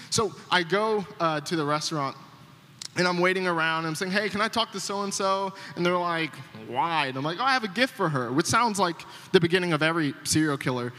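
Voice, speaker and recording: Young male pastor, storytelling sermon, high bright voice, long church-hall reverb. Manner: animated, acts out quoted voices. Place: church sanctuary.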